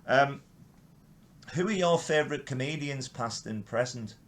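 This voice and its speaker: Speaking at medium pitch and a little slowly, this older English podcast host sounds animated. He's in a casual interview chat, eager and talkative, frequently starting his thoughts over.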